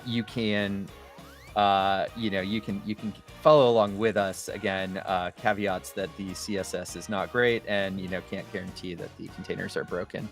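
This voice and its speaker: A man's voice: low-pitched, fairly even intonation, normal speed, faint music behind. A man co-hosting a livestream, talking casually in a playful, rambling way. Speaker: co-host of a developer livestream.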